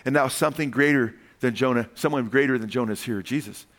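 A man preaching a sermon as pastor, animated, calling "amen?" to the congregation and acting out voices as he tells stories. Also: mid-range voice, quick pace. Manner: acts out quoted voices in storytelling.

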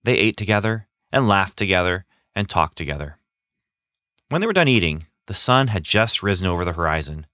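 A man narrating a children's Bible story as a scripted podcast, expressive and slowing down for dramatic moments. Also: low-pitched, dry recording, clean studio sound.

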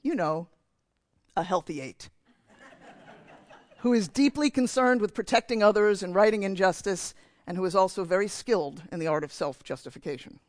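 High-voiced man preaching a sermon. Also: animated, moderate pace, pauses often, dry recording. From New Jersey. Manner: candid, self-mocking storytelling. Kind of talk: sermon with personal story. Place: church.

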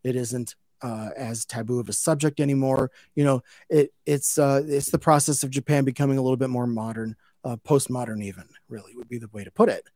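A man casually recapping an anime episode as a podcast host, rambling with lots of fillers and restarts, growing louder and livelier when something amuses him. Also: mid-range voice, fairly quick, few pauses, no room sound, clean studio sound. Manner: gets loud and animated when amused.

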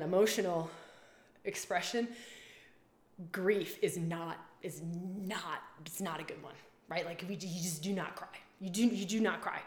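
A woman leading a women's community, talking casually on a live stream, animated, swearing freely and repeating her phrases. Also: on the low side, echoey room. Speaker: women's circle and retreat leader.

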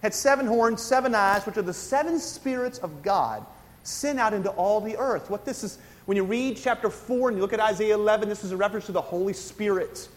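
A man's voice: sits high, fairly quick, long reverb tail. A man preaching a sermon, explaining scripture with frequent asides and questions to his congregation. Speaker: pastor.

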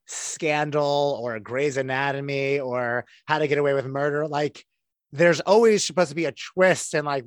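A man's voice: on the high side, no room sound. Opinionated man with a dry voice. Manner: opinionated, talks in long runs. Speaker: podcast co-host. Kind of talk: casual review chat.

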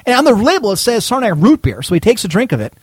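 A man hosting a talk show, telling a long story in a casual, rambling, animated way and laughing as he goes. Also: high voice, very fast, husky, dry recording, studio quality. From Cleveland, Ohio. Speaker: show host.

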